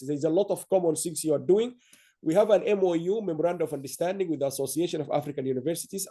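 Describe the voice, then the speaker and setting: A man's voice: fairly high pitch, mellow. A man hosting an online awards ceremony, speaking in long, rambling stretches of praise with frequent restarts. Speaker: awards host.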